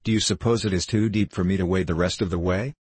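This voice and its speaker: A man with a low, husky voice reading the lines of an earnest, prim young farm girl in an audiobook story. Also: fairly even intonation, fast, a little mellow, no room sound.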